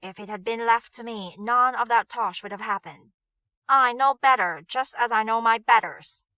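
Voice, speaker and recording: A woman voicing a stern young man with a gruff Cockney accent who talks loud and blustering. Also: medium pitch, lively intonation, normal speed, dry recording. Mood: indignant.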